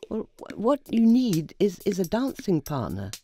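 A woman's voice: mid-range voice, huge pitch swings, normal speed, mellow. A woman voicing a flustered, kindly female friend who stammers and hesitates, in a bedtime storybook. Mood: gentle.

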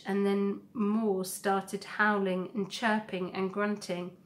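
Read it to the class slowly and evenly, keep the pitch level and don't push. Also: female voice. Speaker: teacher reading to a class. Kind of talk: reading a children's novel aloud.

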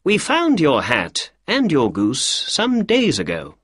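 A man reading the part of a quick-witted detective in a storybook, his voice lifted well above the reader's own and bright with energy. He talks crisply and briskly, up and down in pitch, in a dry, close sound. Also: wildly swooping pitch, dry recording, heavily acted. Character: brisk clever male detective, middle-aged.

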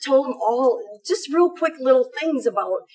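A woman's voice: sits high, expressive, moderate pace, darkish tone, husky, low-quality recording. A middle-aged woman giving an emotional personal testimony about her faith, telling it in a fervent, tumbling way full of fillers.

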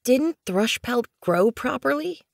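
A woman's voice: on the high side, lively intonation, takes it slowly, gravelly, dry recording, clean studio sound, pitched above the performer's own voice, full character voice. A woman doing Blue Kit, an earnest little she-kitten. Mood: curious. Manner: wondering, earnest. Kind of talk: audiobook character voice.

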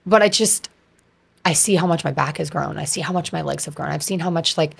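A low-pitched woman in her thirties chats as a podcast guest, animated and full of fillers. Her voice sits deep for a woman, and she runs her thoughts together as she talks. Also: a little fast, creaky, husky. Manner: chatty and animated, many fillers. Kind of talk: casual conversation.

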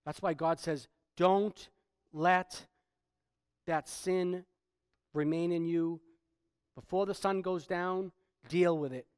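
A man pastor preaching a sermon, swinging from quiet stretches to loud, emphatic preaching. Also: high voice, fairly even intonation, slow, long pauses, smooth, no echo, studio quality.

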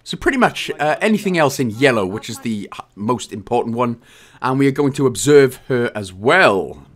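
Speaking at normal speed with big swings in pitch from a mid-range voice, a man from Wales offers laid-back, joking gameplay commentary. He's talkative and frequently corrects himself along the way.

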